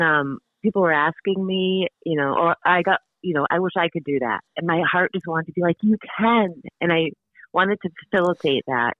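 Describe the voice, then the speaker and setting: A woman's voice: fairly low pitch, no echo. A woman guest in a podcast interview, bubbly and enthusiastic, talking in a chatty way with lots of fillers. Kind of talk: casual interview. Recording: tinny phone-like remote call line.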